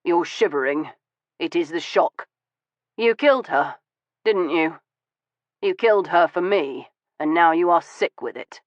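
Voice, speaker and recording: Weary bitter victorian gentleman read by a man, fairly high for a man, dull dry audiobook sound. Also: measured pace, no room sound, close to an everyday voice. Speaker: audiobook voice of a male character. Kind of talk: audiobook dialogue reading.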